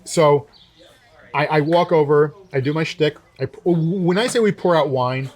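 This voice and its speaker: A young man in casual conversation, telling a story with energy. His voice sits a bit high, and he acts out the lines of the people he quotes. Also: measured pace. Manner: animated storyteller acting out quotes. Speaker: co-host. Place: winery.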